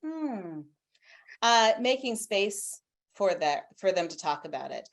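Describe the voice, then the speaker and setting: A woman's voice: medium pitch, slow pace. A woman guest expert on a video call from home, talking animatedly about parenting and sharing stories from her own family. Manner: warm, animated, with anecdotes. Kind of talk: conversational expert answers.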